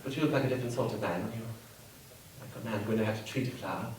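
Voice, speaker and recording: A man's voice: fairly high pitch, sing-song, fairly quick, a crowd in the background. Man doing a prim lonely lady. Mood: coy. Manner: prim, hushed, coy and flirtatious. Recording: live comedy club, echoey, mic far off.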